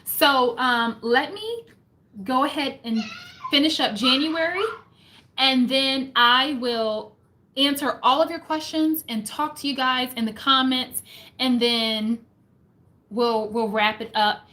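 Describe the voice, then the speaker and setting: Bright-voiced woman hosting a faith book chat. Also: high-pitched, takes it slowly. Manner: lively, exclamatory, reads passages aloud and reflects. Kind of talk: casual livestream book recap.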